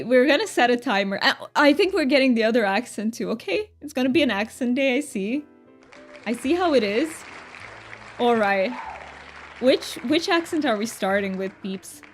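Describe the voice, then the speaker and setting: A woman streamer chatting casually while gaming, reading her chat aloud, answering viewers and laughing often. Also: fairly high pitch.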